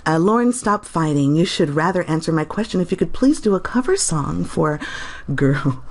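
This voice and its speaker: Giggly sarcastic woman, lowish voice. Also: sing-song, moderate pace. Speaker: vlogger reacting to comments. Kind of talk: casual reaction video, reading comments aloud.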